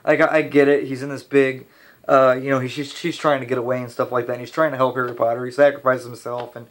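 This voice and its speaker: A young man rambling casually through a movie review, ranting a little and restarting his sentences, his voice slightly hoarse. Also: mid-range voice, little pitch movement, fast.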